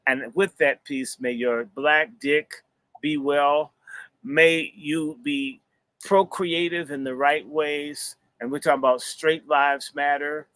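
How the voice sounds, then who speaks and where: A man's voice: on the high side, steady tone, slow pace, a bit bright, no echo. A man hosting a livestream, talking in a rambling, profane, sermon-like way. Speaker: host and minister. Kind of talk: preacherly livestream talk.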